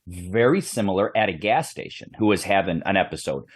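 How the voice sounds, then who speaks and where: A man hosting a policing podcast, telling a story in an animated way and often repeating his words. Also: low voice, fairly quick, husky. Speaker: podcast host, police background. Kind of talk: podcast interview, conversational.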